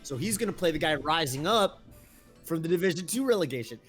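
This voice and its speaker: A man co-hosting a casual live stream, talking in a loose, chatty way full of fillers and easy laughs. His voice sits a little high for a man, and faint music plays behind him. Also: lively intonation, fast talker, a bit bright. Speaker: co-host.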